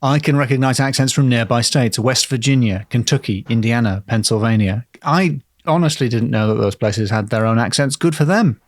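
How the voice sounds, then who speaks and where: A man's voice: medium pitch, normal speed, hardly any pauses, no room sound. Dry-voiced English man joking on a podcast. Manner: playful, jokey, reads a listener letter aloud. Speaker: podcast co-host. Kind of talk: casual comedic chat.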